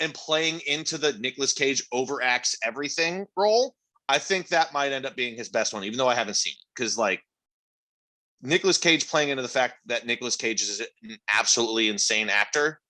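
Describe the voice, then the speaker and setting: A man's voice: medium pitch, animated, brisk, sharp tone. A man co-hosting a podcast, arguing his points emphatically in casual chat with plenty of swearing. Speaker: podcast co-host.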